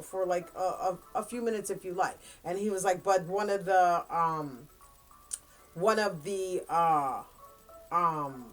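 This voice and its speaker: A woman chatting casually as a book reviewer, retelling a plot in a rambling way with lots of fillers and quick quoted lines. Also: on the low side, faint music behind.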